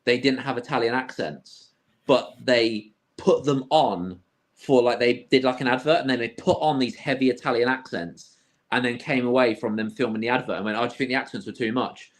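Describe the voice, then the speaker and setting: A man's voice: mid-range voice, normal speed. A man, co-hosting a casual film podcast and rambling as he thinks aloud. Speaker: podcast co-host. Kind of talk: casual film-review chat.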